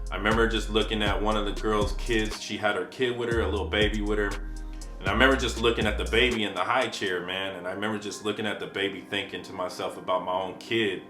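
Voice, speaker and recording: A man telling his own story in casual, slangy talk, unhurried and reflective, with frequent swearing. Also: lowish voice, bright, forceful tone. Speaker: storyteller recounting his past. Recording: echoey room with faint guitar music. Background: faint guitar music.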